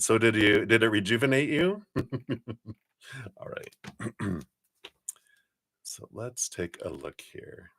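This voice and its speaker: A middle-aged man hosting a live card-reading stream, chatting casually, often chuckling and clearing his throat. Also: fairly low pitch, lively intonation, slow pace, pauses often, fairly bright tone.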